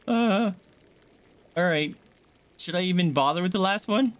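A woman's voice: lowish voice, unhurried. A young woman giving casual, jokey commentary while she streams a video game and chats with viewers. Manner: chatty, laid-back, jokey.

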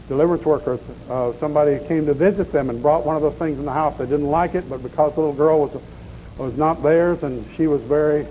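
A man's voice: fairly high pitch, dark tone, poor audio. A man preaching a deliverance sermon in a folksy, blunt storytelling manner, with faint noise in the background.

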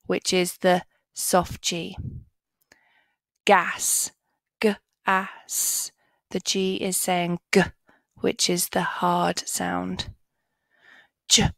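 Very slow, deliberate woman teaching phonics. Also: fairly low pitch, gravelly, dry recording. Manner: sounds out each word letter by letter and repeats it. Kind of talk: slow, clearly sounded-out phonics lesson for children.

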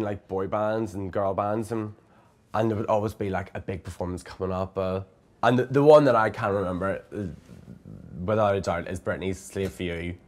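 Halting young man, lowish voice. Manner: halting, repeats words, many fillers. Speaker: drag performer. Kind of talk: documentary interview storytelling.

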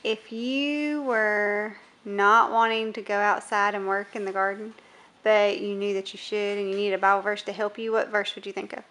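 A woman's voice: medium pitch, level tone, moderate pace, a bit bright. A young woman filming her small children at home on a phone, coaxing them with encouraging questions. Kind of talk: casual home video. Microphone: phone camera held while filming.

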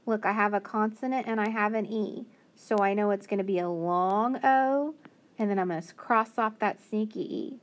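A woman teacher giving a phonics lesson to young children, patiently sounding out each word. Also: medium pitch. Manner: slow, patient, sounding out words.

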